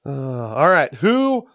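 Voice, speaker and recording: A man's voice: a little high, gravelly, no room sound, studio quality. A man co-hosting a podcast in a casual recap chat, who laughs often, trails off with fillers and cracks blunt jokes. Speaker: podcast co-host.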